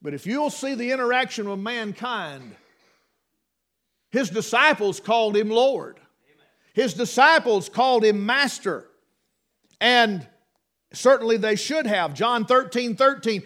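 Emphatic high-voiced preacher. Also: male voice, lively intonation, unhurried, pauses often, sharp tone. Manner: emphatic preaching with frequent restarts and rhetorical questions. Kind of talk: sermon.

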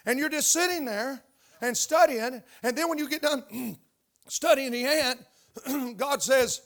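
An older male pastor preaching to his congregation in church. He speaks in a fairly high voice and keeps throwing questions out to the room, stressing his points. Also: unhurried, fairly bright tone. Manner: emphatic, call-and-response questions to the congregation. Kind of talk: sermon. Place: church sanctuary.

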